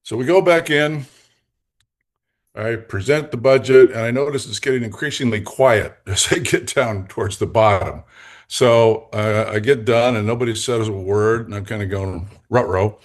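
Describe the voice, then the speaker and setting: An older man telling lively, jokey stories as a guest coach in an interview, laughing between lines. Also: lowish voice, normal speed. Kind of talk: anecdotal storytelling in a podcast interview.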